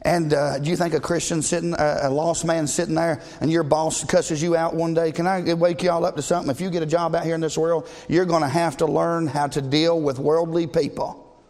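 A man's voice: a little high, flat delivery, a little fast, a little mellow, long reverb tail. A man preaching a sermon in an emphatic, conversational way, often asking the congregation questions.

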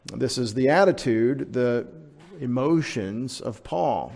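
A man's voice: medium pitch, lively intonation, slow, vocal fry, darkish tone. Emphatic male pastor preaching a sermon. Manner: conversational, emphatic, asks the congregation questions.

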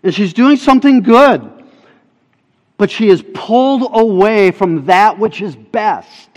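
A fairly high-voiced male pastor preaches in an emphatic, insistent way, repeating his key lines to drive them home. His voice carries a long reverb, as if recorded in a big church sanctuary. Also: expressive, slow pace. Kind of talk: sermon. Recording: long reverb of a large hall.

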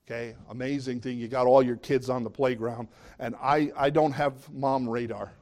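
A man's voice: mid-range voice, steady tone, normal speed, darkish tone. A middle-aged man preaching a sermon in a conversational way, often asking the listeners questions. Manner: conversational, asks the audience questions.

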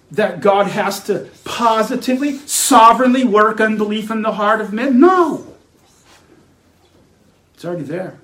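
Slow, earnest preaching man in echoey room. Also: high-pitched, a bit bright. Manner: earnest, emphatic preaching with repeated phrases. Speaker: pastor. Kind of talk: sermon.

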